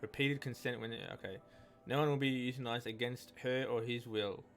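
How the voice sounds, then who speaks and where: A man's voice: medium pitch, steady tone, normal speed, a bit bright, soft background music. Rambling man narrating a game. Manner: rambling and hesitant, many fillers and restarts. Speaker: let's play gamer. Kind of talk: casual gameplay commentary, reading in-game texts aloud.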